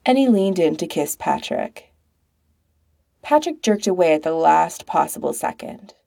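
A woman reading fiction aloud in an expressive, unhurried way. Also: fairly low pitch, creaky. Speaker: story reader. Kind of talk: narrating fan fiction aloud.

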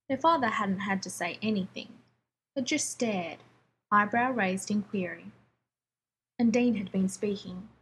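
Woman story reader, calm measured narration, slight hiss behind. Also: medium pitch, low-quality recording.

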